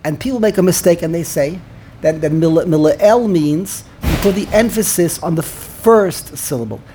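Man, higher voice, casual study talk, explains by restating, slight room noise. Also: animated, normal speed, mellow. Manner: explanatory, repeats words while thinking. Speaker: Torah study participant.

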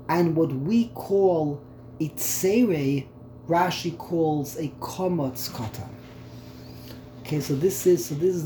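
A man's voice: a little high, warm tone. A man teaching a text study lesson, thinking aloud and repeating words as he works through the terms. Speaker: Torah teacher. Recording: echoey room, faint background hum.

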